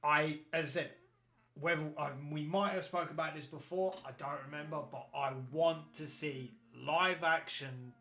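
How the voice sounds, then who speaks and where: A man hosting a podcast in excitable casual chat, swearing freely and rambling. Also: a little high, moderate pace. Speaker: podcast host.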